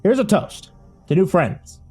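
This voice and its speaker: A man voicing a suave, confident gentleman who speaks in a polished, genteel way. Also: sits high, big pitch swings, a little slow, breathy edge, soft background music, voice pushed up, heavily acted. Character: suave, confident adult man, politician-like charm.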